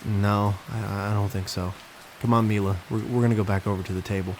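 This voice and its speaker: A man's voice: fairly low pitch, flat delivery, brisk, a little hiss or hum, lightly acted. A man voicing a nervous seven-year-old boy who stammers and hesitates.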